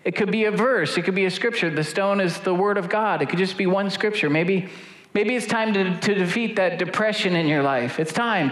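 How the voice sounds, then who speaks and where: High-voiced preaching pastor, echoey room. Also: male voice. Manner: builds to shouted, high-pitched preaching, then drops low and slow. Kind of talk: sermon. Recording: echoey room with faint noise.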